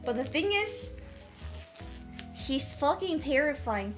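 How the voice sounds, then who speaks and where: A woman streamer with a high, sing-song voice talks slowly and casually on a livestream while she cooks. She giggles a lot, gushes, and swears freely, with music playing in the background.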